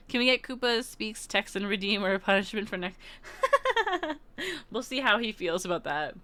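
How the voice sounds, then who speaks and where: A woman from Canada chats through a travel story on her stream, laughing between thoughts and circling back on herself. Her voice is bright and crisp, and it sounds close and dry with no room around it. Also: mid-range voice, no room sound. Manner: giggly, laughs often while talking; rambling, with many restarts and asides. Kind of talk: casual storytelling.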